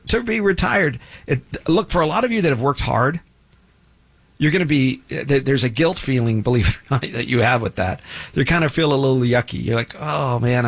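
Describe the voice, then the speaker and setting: Emphatic husky-voiced man lecturing. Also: fairly high pitch. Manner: emphatic, preachy, mocks imagined objectors in put-on voices. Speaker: show host. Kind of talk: opinionated monologue.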